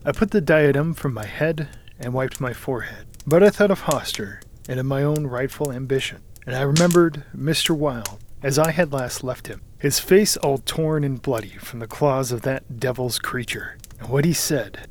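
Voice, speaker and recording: A man reading a first-person story aloud in a measured, dramatic manner, sometimes sinking to a hushed whisper. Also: medium pitch, slight background noise. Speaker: audiobook narrator. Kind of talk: scripted first-person narration.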